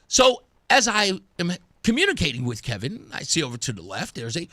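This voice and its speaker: Male talk radio host, high and lively voice, close and dry in the studio; tells stories and acts out every quote. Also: fast talker, few pauses, dry recording. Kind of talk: casual storytelling on talk radio.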